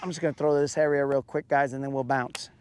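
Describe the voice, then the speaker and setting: A man's voice: mid-range voice, flat delivery, fast talker, darkish tone, clear, resonant tone, no echo. A man hosting a live fishing stream from a boat on a lake, chatting casually with his viewers in a rambling, jokey, self-mocking way. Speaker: fishing livestream host.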